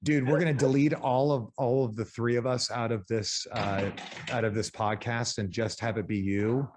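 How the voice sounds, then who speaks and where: A man's voice: mid-range voice, steady tone, normal speed, background noise. A man co-hosting a podcast in casual chat, joking and swearing freely. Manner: joking, loose and profane. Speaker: podcast co-host.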